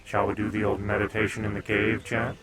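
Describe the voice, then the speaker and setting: A man's voice: on the low side, completely flat delivery, brisk, a bit bright. A man live-streaming at home in a laid-back, casual way, chatting to his viewers and telling his dogs to stop barking.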